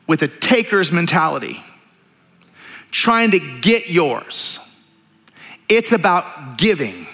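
A man preaching a sermon as pastor, telling stories with animated, jokey asides. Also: sits high. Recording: reverberant church hall.

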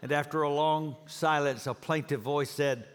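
High-voiced pastor preaching in a hall. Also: male voice, steady tone, moderate pace, clean tone. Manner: storytelling, warm humor. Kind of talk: sermon. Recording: reverb of a large hall.

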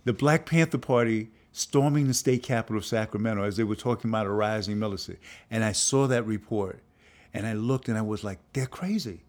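Older guy telling a story, lowish voice, does all the voices. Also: a little fast, a little mellow. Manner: acts out voices of people in his story, jumping high in pitch. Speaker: filmmaker and professor telling his story. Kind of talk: animated storytelling.

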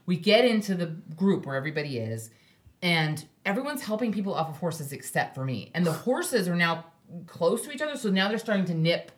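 A woman telling a story as a podcast guest in casual chat, animated and laughing often. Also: fairly low pitch, brisk.

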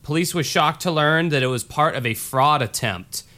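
A man with a slight Southern accent co-hosting a podcast, talking casually and cracking lowbrow jokes. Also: moderate pace, sharp tone. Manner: joking, lowbrow humor, rambling asides. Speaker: podcast co-host.

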